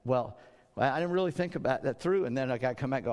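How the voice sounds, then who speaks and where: A man's voice: mid-range voice, fast, darkish tone. A middle-aged man preaching a sermon in a conversational way, often repeating words and acting out the speech he quotes. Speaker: pastor. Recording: long hall reverb.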